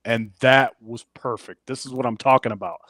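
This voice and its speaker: A man's voice: mid-range voice, steady tone, moderate pace, a bit bright, no echo. A man co-hosting a wrestling podcast, casually recapping the week's show and acting out the wrestlers' promos. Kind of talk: casual chat.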